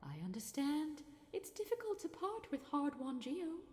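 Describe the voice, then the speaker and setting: A woman's voice: sits high, very animated, moderate pace, dark tone. A woman voicing a sweet, matronly female bug banker in a video game, with genteel, coaxing sales patter. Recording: echoey, long reverb.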